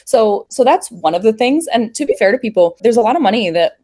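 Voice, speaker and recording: A woman's voice: on the high side, lively intonation, quick pace, mellow. A woman guest in an interview, explaining in a chatty way and laughing between points. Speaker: industry guest. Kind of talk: casual interview chat.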